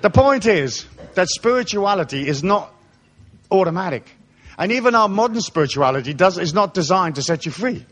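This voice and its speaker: Profane, animated man giving a comic rant. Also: sits high, normal speed. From England, raised in Africa. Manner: profane, mocking, comic rant with put-on voices. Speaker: spiritual lecturer. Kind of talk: live talk to an audience.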